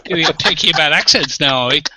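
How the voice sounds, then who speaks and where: A man's voice: a little high, quick pace, very noisy. A man on a casual podcast who jokes around playfully. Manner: joking, playful.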